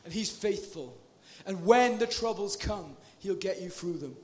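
A man's voice: sits high, animated, measured pace. A man from Britain, preaching a sermon to a crowd with impassioned, casual, slangy directness.

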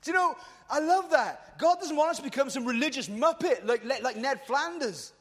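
A man, preaching a lively youth sermon to a crowd in a passionate, colloquial way. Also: extremely high pitch, normal speed. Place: large hall at a youth event. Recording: long hall reverb.

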